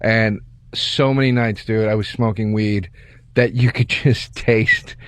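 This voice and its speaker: A man's voice: on the low side, fairly even intonation, a little slow, no room sound. A man co-hosting a comedic podcast, telling stories in a laid-back way and laughing through his lines. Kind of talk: casual comedic storytelling.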